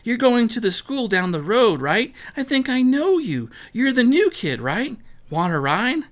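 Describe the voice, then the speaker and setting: A man's voice: high voice, animated, moderate pace, fairly bright tone, pitched above the performer's own voice. A man voicing an earnest, determined young girl in a read-aloud story. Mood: warm, friendly.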